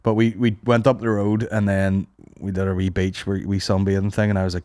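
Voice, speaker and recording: A man's voice: low voice, little pitch movement, fairly quick, a little mellow, clear, resonant tone, no echo. A man, telling crude stories in a rambling, casual way as a podcast co-host. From Northern Ireland. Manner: crude, rambling storyteller, swears a lot. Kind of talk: casual comedy chat.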